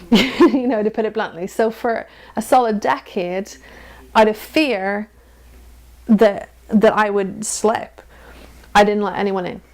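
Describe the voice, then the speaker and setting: A woman's voice: mid-range voice, fairly even intonation, takes it slowly, a little mellow. A woman in her thirties, an interview guest, talking frankly and animatedly and laughing often. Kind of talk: candid personal conversation.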